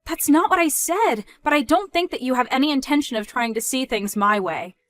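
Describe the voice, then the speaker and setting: A woman voicing a calm young working woman who answers in a measured, polite but firm way in a dramatized story. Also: high voice, soft background music, voice pushed up.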